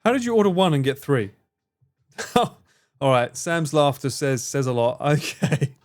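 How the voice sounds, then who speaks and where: A man's voice: mid-range voice, sing-song, a little slow. A man streaming live, chatting casually with his viewers, swearing freely, laughing and bantering.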